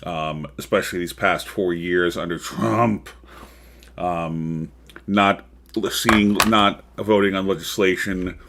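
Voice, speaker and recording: A man with a low voice hosts his own livestream talk show. He chats about politics in a casual, rambling way, full of ums and side remarks. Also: steady tone, slow pace, gravelly, a bit bright, a little hiss or hum. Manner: chatty, rambling with frequent ums and asides.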